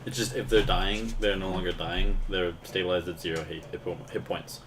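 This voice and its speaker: Joking male player, lowish voice. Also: fairly even intonation, brisk, a bit bright, slight background noise. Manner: explains rules, jokes and laughs. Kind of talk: tabletop game banter.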